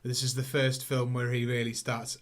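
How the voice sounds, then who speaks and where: A man's voice: mid-range voice, completely flat delivery, a little fast. A man hosting a casual film review podcast, talking in a rambling, stop-start way. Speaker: podcast host.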